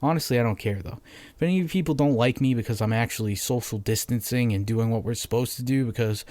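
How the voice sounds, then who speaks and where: A man's voice: mid-range voice, fast talker, a little mellow, no room sound. Brief: young man, Massachusetts accent, medium voice, cursing, dry recording. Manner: profane, rambling, blunt. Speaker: podcast host. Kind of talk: casual solo podcast rant.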